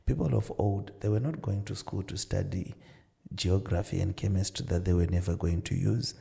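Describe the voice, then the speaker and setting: A middle-aged man, a marriage counsellor and pastor, earnestly telling stories and acting out dialogue in a relaxed conversation. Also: low voice, moderate pace, vocal fry. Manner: earnest storytelling with many "you know" asides, acting out dialogue. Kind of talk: casual advice-giving conversation.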